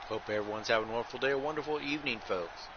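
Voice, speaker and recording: A man's voice: mid-range voice, rapid-fire. Muffled man doing wrestling play-by-play. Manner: announcer patter, says "folks" nearly every line; excitable shouts at big moves. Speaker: host and play-by-play commentator. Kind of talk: wrestling play-by-play over a video game. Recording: muffled audio with steady background noise.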